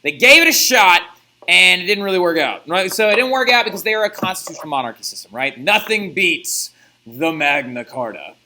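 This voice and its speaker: A young man teaching a recorded history lesson in a chatty, animated way, with jokey asides. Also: high voice, quick pace, heavy background noise. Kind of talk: recorded classroom lecture.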